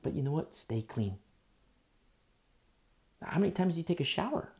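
Gravelly-voiced male pastor preaching. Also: a little high, big pitch swings, normal speed. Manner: emphatic preaching, swings between loud bursts and hushed asides; repetitive, with frequent fillers. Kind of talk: sermon.

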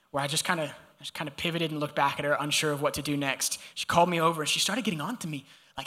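A young man from Georgia preaching a sermon, telling a personal story in an animated, conversational way and talking straight to the congregation. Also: a little high, fast talker, breathy edge. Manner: animated, conversational, addresses audience directly.

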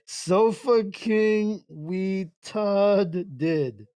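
A man hosting a casual internet radio show, reading chat messages aloud in a slow, halting way and breaking into laughter. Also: high-pitched, dark tone, smooth, no echo, clean studio sound.

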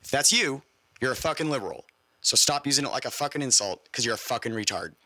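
A man holds forth on a casual podcast, swearing freely as he lectures. His voice is very bright and sits in a dry, close space. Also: mid-range voice, lively intonation, quick pace, no room sound, poor audio. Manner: profane, lecturing asides. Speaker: podcast co-host.

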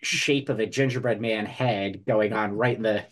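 A man's voice: lowish voice, fairly even intonation, normal speed. A man co-hosting a casual podcast, telling a story in a mock-solemn way. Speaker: podcast co-host. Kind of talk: casual chat.

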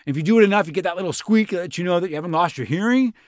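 A man races through the part of an excited, breathless young Roman envoy, rambling in swear-filled bro slang for a comedic podcast reenactment. His voice is pushed up high, though it stays close to an everyday voice, with no room sound.

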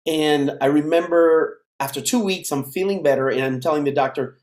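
A man in his fifties from the United States, a podcast guest telling his life story in a lively way and acting out the voices of the people in it. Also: fairly high pitch, fairly quick, slight background noise. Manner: animated storyteller who acts out dialogue. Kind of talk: casual storytelling interview. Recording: roomy echo.

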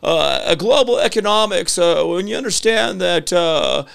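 A man's voice: high-pitched, lively intonation, moderate pace, vocal fry, fairly bright tone, voice pushed up, heavily acted. A man mimicking a hedging older politician. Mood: evasive. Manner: rambling, hedging with endless fillers. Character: evasive older male politician dodging questions.

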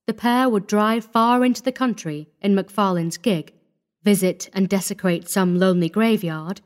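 A woman narrating a classic short story in a measured, even storytelling read. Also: medium pitch. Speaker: audiobook narrator. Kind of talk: scripted narration.

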